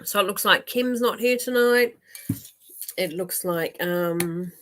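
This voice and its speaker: A woman's voice: medium pitch, slow pace, slight background noise. Chatty woman live-streaming. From Australia. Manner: chatty, warm-hearted, laughs often, many fillers and restarts. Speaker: psychic medium host of a live stream.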